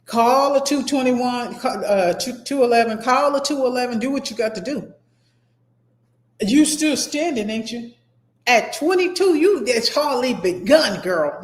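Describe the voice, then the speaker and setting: A middle-aged woman instructor giving a motivational talk to her class, emphatic and rambling, often repeating herself. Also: mid-range voice. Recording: echoey room.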